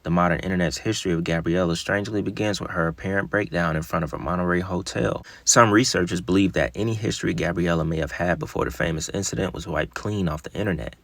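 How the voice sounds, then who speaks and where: A man's voice: sits low, fast talker, creaky, hardly any pauses, fairly bright tone, dry recording. A man narrating a mystery case, reading an article aloud with casual asides. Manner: casual asides between read passages.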